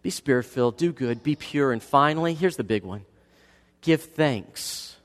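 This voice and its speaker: A male pastor in his thirties giving a dynamic sermon, swinging between hushed and loud passages. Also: medium pitch, expressive, brisk. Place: church sanctuary. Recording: long reverb of a church hall.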